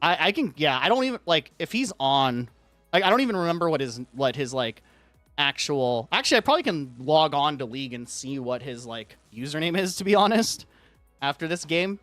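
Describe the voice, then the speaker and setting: A man's voice: a little high, sing-song, brisk, a bit bright, no room sound, faint music behind. A young man streaming, ranting casually to his chat in a rambling way, filling his talk with "like". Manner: rambling, heavy use of "like", acts out quoted lines.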